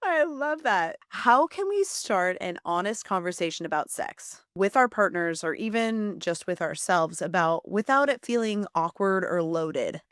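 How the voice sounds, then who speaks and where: A woman's voice: on the low side, expressive, unhurried, few pauses, fairly bright tone, no echo, studio quality. A woman in her forties hosting a podcast interview, enthusiastic and chatty, laughing often. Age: 40s. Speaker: podcast host. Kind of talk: casual interview chat.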